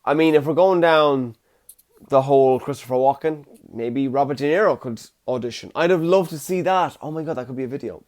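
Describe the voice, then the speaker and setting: A man's voice: mid-range voice, fairly quick, a little mellow. A young man hosting a casual, rambling solo podcast alone in his room, recorded on his phone. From Ireland. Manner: jokey, rambling, self-deprecating. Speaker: podcast host.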